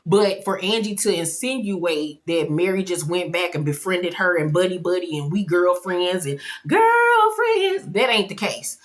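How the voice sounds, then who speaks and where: A woman giving a casual, animated, gossipy episode recap. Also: on the low side, measured pace, few pauses. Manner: animated, gossipy storytelling, acts out quotes. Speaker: vlogger.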